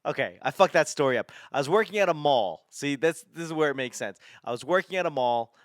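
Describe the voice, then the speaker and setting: A man in his thirties with a smooth, resonant voice tells a story in loose comic style. He swears freely and breaks off mid-sentence to restart it. The sound is close and dry, with no room around it. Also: on the high side, lively intonation, fast talker, dry recording. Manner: rambling, profane, self-interrupting. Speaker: stand-up comedian hosting his podcast. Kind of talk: casual comedic storytelling.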